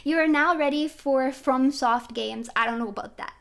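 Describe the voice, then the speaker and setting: A woman with a high, bright-pitched voice, chatting casually to her viewers as she plays. She is giggly and playful and laughs often between her thoughts. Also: normal speed, creaky. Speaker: streamer. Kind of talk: casual chat while gaming.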